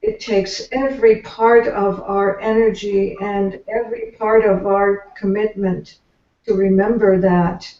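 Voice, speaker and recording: An older woman speaks slowly and reflectively, sharing spiritual thoughts with deliberate care. She sits some way from the mic, in an echoey room, and the sound is muffled and lo-fi. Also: mid-range voice, dark tone, far from the mic. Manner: slow, reflective and earnest. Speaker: circle participant.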